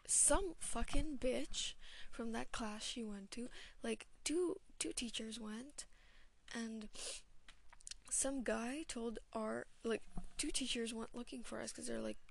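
Gravelly, slow-talking young woman. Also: on the high side. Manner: chatty, swears often, slips into whispers. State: voice feels off today. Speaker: student vlogger. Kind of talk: casual storytelling.

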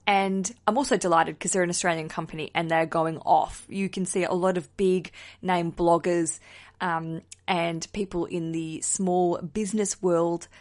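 A woman's voice: lowish voice, steady tone, unhurried, a little mellow. A young woman hosting a wedding podcast, chatting casually and enthusiastically, with the odd swear word thrown in.

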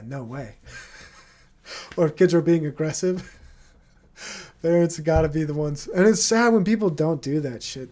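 A man in his thirties hosts a solo podcast in a slightly high, somewhat mellow voice. His casual monologue rambles, full of profanity, fillers and tangents.

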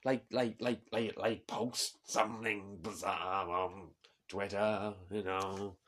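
A man doing a comic impression of a boastful, bumbling older male politician who talks loudly and stammers. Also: fairly low pitch, steady tone, slow pace. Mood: blustering. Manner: loud, stammering, whiny.

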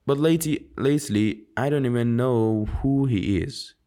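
A man's voice: mid-range voice, normal speed, dark tone, lightly acted. A man voicing a wounded teenage football captain in a book reading, speaking earnestly. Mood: hurt. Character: hurt teen boy football captain.

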